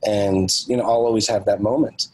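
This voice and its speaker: A man's voice: on the low side, a little fast, husky, rough recording. A man, a podcast guest and author, telling a personal story and acting out the dialogue of the people in it. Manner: animated storyteller, acts out quoted dialogue.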